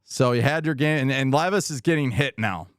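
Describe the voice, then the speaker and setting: A man's voice: mid-range voice, brisk, smooth, no echo, clean studio sound. A man hosting a live football watch party stream, giving rambling, frustrated commentary on plays and reading viewer comments aloud. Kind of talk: live game commentary and chat.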